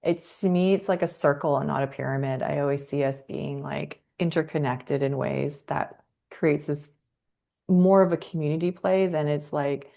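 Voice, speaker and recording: A middle-aged woman with a low voice chats as a podcast guest. Her tone is mellow and relaxed, and she sounds expressive and eager, often laughing as she talks. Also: normal speed, vocal fry. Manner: enthusiastic and expressive, laughs easily. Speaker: podcast guest, creative professional. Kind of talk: casual podcast conversation.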